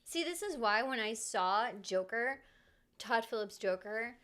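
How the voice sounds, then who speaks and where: A woman streamer telling a story in casual chat, in an animated, chatty way. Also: on the high side, measured pace.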